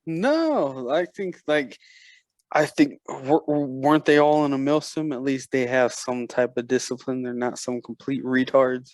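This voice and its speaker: A man's voice: medium pitch, unhurried, no room sound. Rambling young man, dry close sound. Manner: rambling, restarts, swears casually. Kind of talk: casual chat.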